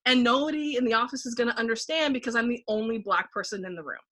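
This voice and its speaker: Talking fast in a slightly high voice, a guest who works as a painting facilitator shares a personal story on a casual podcast. She is animated, acts out her inner thoughts, and uses "like" frequently.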